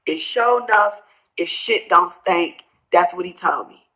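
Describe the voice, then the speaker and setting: A middle-aged woman, tearful and tired, rambling through a personal story in a vlog and quoting others in hushed asides. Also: lowish voice, a little slow, rough recording. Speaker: vlogger telling a personal story.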